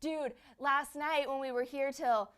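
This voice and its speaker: Rambling, excitable woman co-host. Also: sits high, unhurried. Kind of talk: casual live-stream chat. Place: studio.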